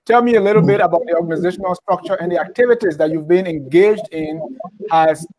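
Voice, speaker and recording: High-voiced male interviewer, halting questions. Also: darkish tone, rough recording. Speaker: interviewer, host.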